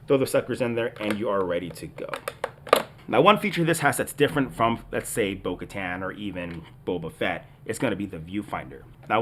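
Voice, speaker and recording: A man's voice: on the low side, a bit bright, a little hiss or hum. A man chatting enthusiastically to his viewers while reviewing a toy helmet. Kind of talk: product review vlog.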